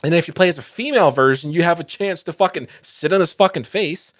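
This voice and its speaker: A man's voice: on the high side, fast talker, no echo, studio quality. Ranting, profane man in podcast chat. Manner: profane, ranting, animated storytelling. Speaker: podcast co-host.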